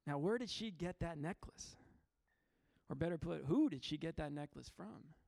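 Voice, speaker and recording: A man's voice: a little high, animated, normal speed, gravelly, darkish tone, no room sound, studio quality. A man in his thirties preaching a sermon in an earnest, informal way, often restarting his sentences. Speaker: pastor. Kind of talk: conversational sermon.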